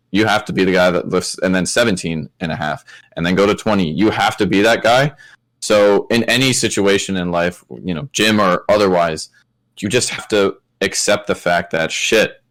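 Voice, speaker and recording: A man from Canada with a low, deep voice co-hosts a casual podcast. He tells a story in a laid-back way and drops swear words freely. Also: a bit bright. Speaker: podcast co-host.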